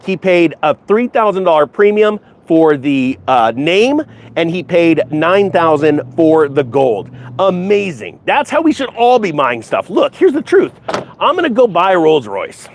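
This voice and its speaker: A man's voice: fairly high pitch, big pitch swings, measured pace, slight background noise. A middle-aged man hosting a casual finance commentary, chatting to viewers in a rambling, jokey way that jumps between topics. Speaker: finance YouTuber host. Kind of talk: casual commentary to a live chat.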